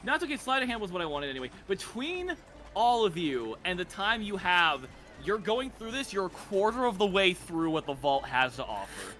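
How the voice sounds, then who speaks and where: A man with a high, bright voice narrates a tabletop game as dungeon master. He talks excitedly, swears freely and shouts out the guards' lines. He is heard over a voice chat. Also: normal speed.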